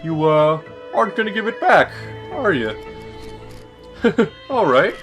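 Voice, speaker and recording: A man voicing a sneering male villain in a game, taunting with a mocking, drawn-out, theatrical delivery. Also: high-pitched, very animated, fairly bright tone, soft background music, voice pushed up, full character voice. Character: sneering, sing-song male villain taunting a night guard.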